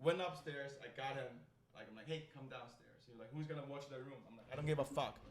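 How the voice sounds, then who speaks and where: Crowd noise surrounds a young man from China, a comedian guest with a fast, mid-range voice. A native Chinese speaker, he tells his story in animated, profane casual talk, restarting often.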